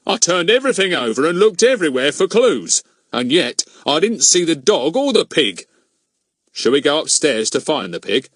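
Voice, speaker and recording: A man performs a full character voice as a blustering, pompous village policeman, pitched above his own natural voice. It sits on the high side, fairly bright, with big pitch swings at normal speed, recorded dry at studio quality.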